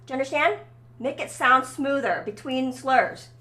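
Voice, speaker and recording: Female violin teacher, higher voice, encouraging coaching, room with echo, faint violin behind. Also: normal speed, sharp tone. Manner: encouraging, coaching, keeps checking in with "okay?". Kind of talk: one-on-one violin lesson. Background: faint violin playing.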